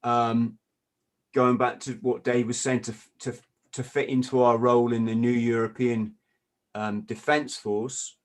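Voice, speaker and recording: A man hosting a podcast, reading out points and reacting to them. He stumbles and repeats words as he talks, and adds dry, sardonic asides. His voice sits at an ordinary middle pitch. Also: little pitch movement, measured pace. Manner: stammers and restarts, sardonic asides. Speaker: podcast host. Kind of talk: casual podcast discussion.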